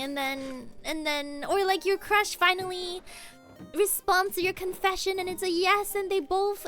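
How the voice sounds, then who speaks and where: A young woman streams a game and rambles on in a very high, bright voice. She talks casually and animatedly, breaking into squeals and laughs. Faint game music plays softly underneath. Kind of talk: casual gaming stream chat.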